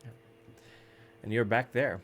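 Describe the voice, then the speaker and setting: A man's voice: medium pitch, fairly even intonation, a little slow. A man narrating as game master of a tabletop role-playing game, in a thoughtful, hesitant way.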